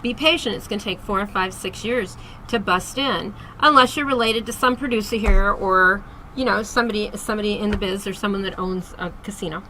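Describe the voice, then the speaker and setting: A woman's voice: medium pitch, a little fast, bright, forceful tone, a little hiss or hum, rough recording. A woman hosting a casual interview, chatty and upbeat, giving a singer's advice. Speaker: host and singing teacher. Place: Las Vegas.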